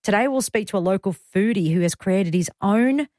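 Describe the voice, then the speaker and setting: A woman's voice: mid-range voice, expressive, moderate pace, a little mellow, no room sound, studio quality. A middle-aged woman with an Australian accent hosting a radio show in casual, rambling chat that breaks into easy laughs. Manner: chatty, rambling, laughs easily. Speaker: radio host. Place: radio studio.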